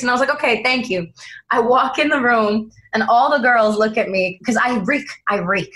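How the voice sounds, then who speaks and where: Young woman, actress guest; casual, animated anecdotes. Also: a little high, fairly quick, rough recording. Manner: animated storyteller, acts out quoted voices. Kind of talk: casual interview chat.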